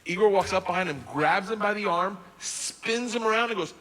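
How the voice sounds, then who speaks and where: Male stand-up comic, high-ish voice with big loud bursts, live hall reverb. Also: moderate pace, few pauses, heavy background noise. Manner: animated, loud bursts when quoting himself. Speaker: stand-up comedian. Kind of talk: stand-up storytelling. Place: comedy stage.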